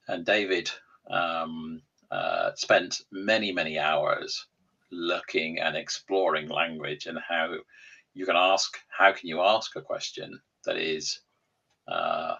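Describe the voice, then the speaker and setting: A man, an executive coach and podcast guest, explaining things in a measured way with frequent ums. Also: sits low, vocal fry, bright, forceful tone, husky, highs cut off. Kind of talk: casual conversational interview.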